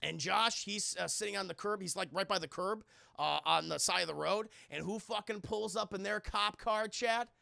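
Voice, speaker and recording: A man hosting a live stream, retelling a film scene by scene in an animated, rambling way. His voice is high, bright and very gravelly. He swears freely and keeps calling out to his chat. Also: moderate pace, no echo, clean studio sound. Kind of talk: casual live-stream recap.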